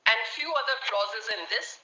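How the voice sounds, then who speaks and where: Woman lawyer, high bright voice, formal court argument, roomy dull audio. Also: moderate pace. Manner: formal, addresses the bench repeatedly. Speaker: advocate.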